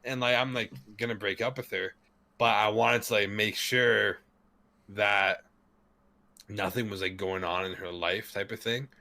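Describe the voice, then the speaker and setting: A man's voice: lowish voice, steady tone, measured pace, creaky, bright, forceful tone, no room sound. A young man telling a story in casual podcast chat, rambling, laughing often and swearing a lot. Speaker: podcast guest.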